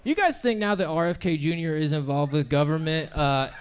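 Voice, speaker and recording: A man's voice: a little high, brisk, smooth. A young man performing a brash, crude stand-up set in a comedy club, laughing at his own jokes.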